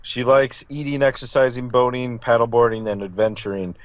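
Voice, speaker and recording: A man's voice: medium pitch, fairly quick, dry recording, dull audio. A man co-hosting a casual recap podcast, making dry jokes and reading out contestant profiles. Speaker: podcast co-host.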